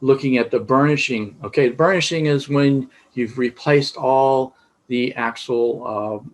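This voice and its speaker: Rambling middle-aged auto instructor. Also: male voice, mid-range voice, a little slow, rough recording. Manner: rambling, many fillers and restarts. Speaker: automotive instructor. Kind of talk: casual teaching talk.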